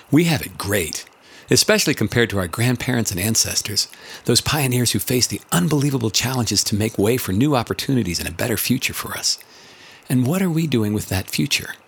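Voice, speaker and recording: A man's voice: mid-range voice, husky. An older man narrating in a reflective, scripted way, earnest and building rhetorical lists.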